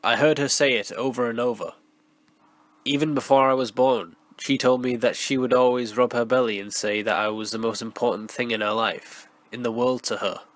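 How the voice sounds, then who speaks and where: A hoarse man with a cold narrating a first-person horror story in a steady storytelling voice, recorded raw on a close mic. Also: mid-range voice, normal speed, no echo. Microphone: raw, unprocessed close mic.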